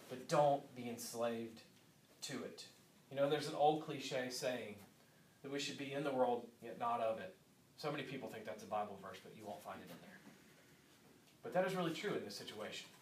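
A man's voice: medium pitch, lively intonation, normal speed, pauses often, a little mellow, distant mic, a little hiss or hum. A man in his thirties, a pastor delivering an earnest sermon and repeating key lines for emphasis. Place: church sanctuary. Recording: echoey church room, voice from off-mic.

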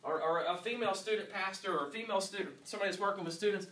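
A man in his thirties, a youth pastor giving an earnest teaching talk to youth workers, swinging from quiet stretches to loud emphasis. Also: sits high, fast, few pauses. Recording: roomy sound from a distant mic with faint ambience.

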